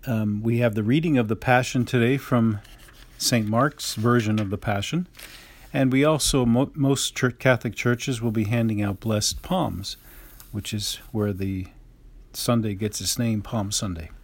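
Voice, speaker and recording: A Catholic priest reads a gospel passage aloud and then gives a homily, measured and plain, with fillers and restarts. His voice is on the low side and steady.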